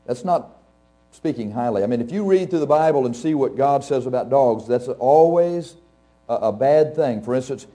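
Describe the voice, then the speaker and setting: A man's voice: medium pitch, animated, normal speed, mellow. A male pastor preaching to a live congregation in a conversational, anecdotal way, chuckling often and asking the audience questions. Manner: speaks straight to the audience, asks questions.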